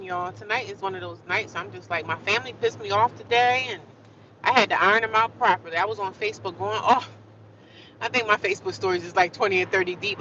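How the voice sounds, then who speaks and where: A woman's voice: medium pitch, pushed and bright, slight background noise. Fiery woman venting on a lo-fi live stream. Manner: fiery, emphatic, drawn-out repeated phrases. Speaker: livestreamer.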